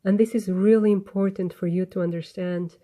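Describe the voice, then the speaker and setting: Mellow-voiced woman giving a tarot reading. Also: medium pitch, fairly even intonation, brisk. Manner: gentle, earnest, meandering with restarts. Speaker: tarot reader. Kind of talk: spoken tarot reading to camera.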